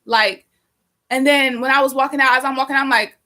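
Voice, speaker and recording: Young woman, bright and fairly high voice, chatty live-stream storyteller, swears freely. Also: brisk. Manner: animated, profane, rambling with many fillers. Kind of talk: casual storytelling.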